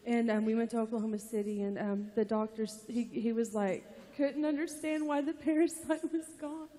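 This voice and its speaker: A woman's voice: fairly high pitch, steady tone, moderate pace, mellow, a little hiss or hum. A mother giving an emotional testimony in church, tearful and breathless, laughing through tears. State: crying. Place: large church hall. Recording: long reverb of a big hall.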